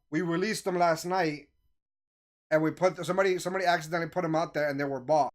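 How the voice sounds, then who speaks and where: A man with a somewhat higher voice tells a story in a relaxed, chatty way. He gets animated, acting out the lines of the people in it. It sounds like casual storytelling among friends. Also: fast. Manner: animated, acts out quoted voices. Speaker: host telling a story.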